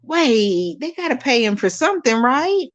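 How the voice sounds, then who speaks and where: A woman hosting a live watch-along, reading viewer comments aloud and chatting casually to her audience, animated and quick to laugh. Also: high voice, highs cut off. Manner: animated, laughs often, talks straight to viewers. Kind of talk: casual live-stream chat.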